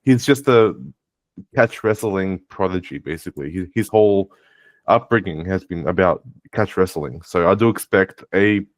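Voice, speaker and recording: A man co-hosting a podcast in casual chat. He calls his own voice monotone, often restarts his sentences and swears now and then. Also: sits low, moderate pace, no room sound. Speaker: podcast co-host.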